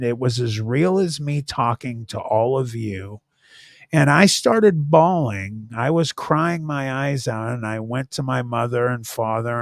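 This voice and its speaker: A middle-aged man speaking slowly and earnestly, his voice gravelly with vocal fry. He tells his story with plenty of ums and pauses, as if talking to viewers on a live stream. The sound is dry and close, with no room echo. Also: mid-range voice. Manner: slow, earnest storytelling with many fillers. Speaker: host. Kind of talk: casual live-stream talk.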